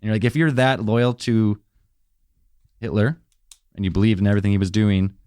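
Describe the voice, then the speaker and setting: A man in casual podcast talk who reasons out loud and keeps asking questions. His voice sits somewhat low. The sound is dry and close. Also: brisk, clean tone, dry recording. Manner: questioning, thinking aloud. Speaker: podcast co-host. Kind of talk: casual chat.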